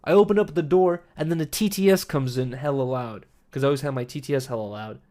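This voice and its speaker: A man's voice: medium pitch, fast talker. A young man telling a story to his stream chat in a casual way. He swears a lot and keeps saying "bro" and "like.". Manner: profane, animated, full of "bro" and "like". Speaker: livestream host.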